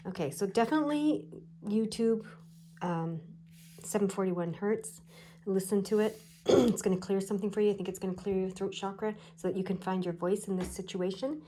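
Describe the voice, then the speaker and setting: A woman giving a casual pick-a-pile tarot card reading. She talks in a chatty, wandering way full of fillers, and her throat is irritated, so she keeps clearing it. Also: medium pitch, normal speed, mellow, a little hiss or hum. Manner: chatty, digressive, frequent fillers.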